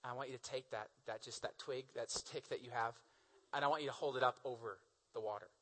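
A preacher voicing a calm, low, laid-back God. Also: male voice, fairly quick. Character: calm, matter-of-fact male God giving orders.

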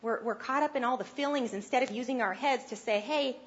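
A woman with a high voice preaches a sermon in an earnest, conversational way, lifting her voice to press a point home. The sound is dull and low-fidelity. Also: fast. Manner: earnest and conversational, rising with emphasis.

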